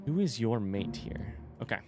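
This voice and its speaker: A man's voice: fairly low pitch, lively intonation, moderate pace. Man puzzling aloud over a game. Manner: thinking aloud, muttering and puzzling. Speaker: let's play host. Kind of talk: video game commentary. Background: game music.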